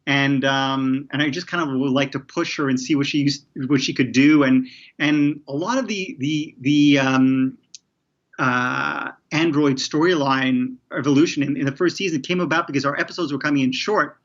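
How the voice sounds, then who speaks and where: A man's voice: mid-range voice, fairly even intonation, moderate pace, lo-fi sound. A man being interviewed as a TV showrunner, talking casually with many restarts and fillers. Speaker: TV showrunner guest.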